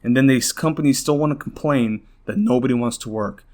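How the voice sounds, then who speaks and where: Speaking a little fast with a medium, somewhat dark-toned voice, a young podcast host rants in frustration. He rambles, swears, restarts his sentences, and sounds tired and nearly tearful.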